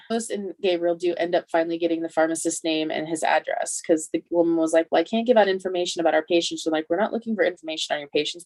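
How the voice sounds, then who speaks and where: A woman co-hosting a podcast, chatting casually as she recaps a TV episode, with an animated, laughing way of retelling it. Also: lowish voice, no echo. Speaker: podcast co-host.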